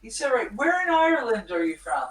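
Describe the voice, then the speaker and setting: A woman's voice: on the high side, sing-song, brisk. A woman chatting as a guest on a casual video call, asking friendly, curious questions. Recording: echoey, distant mic.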